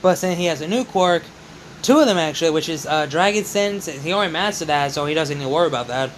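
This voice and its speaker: Casting: young male narrator, rambling fan storyteller, slightly high voice, faint room hum. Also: lively intonation, fast talker, rough recording. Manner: rambling, repeats "just", self-corrects. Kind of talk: casual improvised storytelling.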